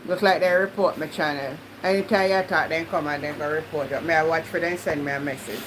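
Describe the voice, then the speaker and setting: A woman's voice: low-pitched, steady tone, fairly quick, background noise. Jamaican woman chatting on a live stream. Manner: slips into patois, talks straight to viewers. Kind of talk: casual live-stream chat.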